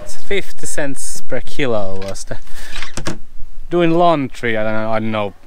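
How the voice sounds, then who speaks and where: Slow-talking man chatting on a travel vlog. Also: medium pitch, expressive, noisy background. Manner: halting, searching for words, repeating himself. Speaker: travel vlogger. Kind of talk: casual travel vlog chat.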